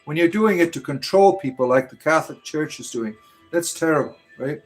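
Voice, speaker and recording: A man's voice: a little high, brisk, soft background music. A man from the United States hosting a casual livestream, reading chat aloud and rambling with frequent "right?" tags.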